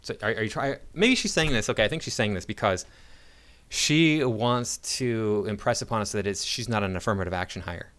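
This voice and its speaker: A man's voice: lowish voice, a little fast, a bit bright. An American man commenting on a video in a sarcastic, argumentative way, with frequent restarts. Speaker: online commentator.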